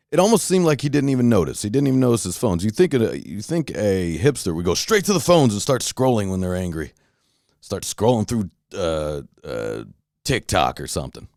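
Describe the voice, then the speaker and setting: A man hosting a podcast, telling a profane, animated story in a casual rant with many restarts. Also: on the low side, moderate pace, no echo, clean studio sound. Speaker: podcast host.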